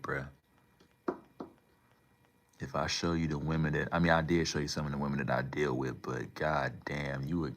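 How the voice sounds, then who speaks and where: Very deep-voiced man rambling to his chat. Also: a bit bright, slight background noise. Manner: rambling, slangy, talks back to chat. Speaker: livestream host. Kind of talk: casual livestream chat.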